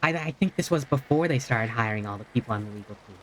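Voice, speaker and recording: Deadpan rp lawyer, dry jokes, mid pitch, faint noise in the back. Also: fast talker. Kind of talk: in-character roleplay chat.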